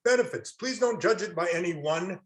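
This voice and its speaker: A man's voice: high voice, lively intonation, a little fast. A man lecturing a classroom, quizzing his audience and answering his own questions with folksy jokes. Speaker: real estate instructor.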